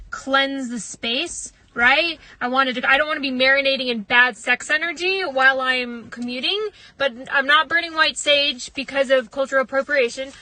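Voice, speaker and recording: A woman's voice: high-pitched, sharp tone, poor audio. A woman telling rambling, self-deprecating comic stories in a casual storytime monologue. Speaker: comedic storyteller.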